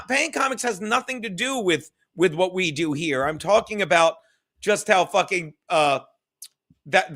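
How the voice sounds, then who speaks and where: A man's voice: high voice, bright, forceful tone. A man hosting a casual livestream chat, loose and profane, reading viewer comments aloud. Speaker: livestream podcast host.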